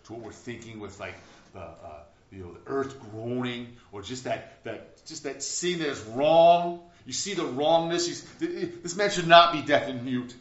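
A man preaching a sermon as a pastor, in an earnest manner that swings between loud, emphatic bursts and quiet, reflective stretches. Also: medium pitch, normal speed. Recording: roomy, dull lo-fi recording.

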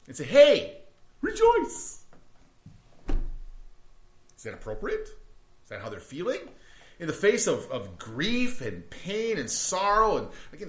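A man's voice: a little high, fairly bright tone, echoey room. A man preaching a sermon to his congregation, talking conversationally with frequent restarts and rhetorical questions. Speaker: pastor.

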